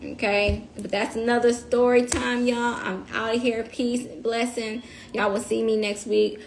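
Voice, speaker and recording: A woman's voice: fairly high pitch, flat delivery, unhurried, gravelly, a little hiss or hum. A woman with a Southern US accent, talking to viewers on a livestream, emotional and blunt with curse words. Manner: emotional, swears, talks straight to the audience. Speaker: livestream host. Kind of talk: casual storytime chat to viewers.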